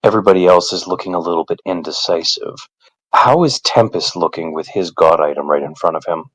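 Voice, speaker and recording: A man playing a tabletop game, describing his actions in a measured way. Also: deep voice, dry recording, poor audio. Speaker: player.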